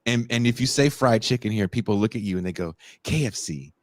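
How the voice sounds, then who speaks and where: A man co-hosting a casual podcast, talking in an animated, profane way and often breaking into laughs and shouts. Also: on the low side, fast talker, no echo. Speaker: podcast co-host. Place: home in Mexico.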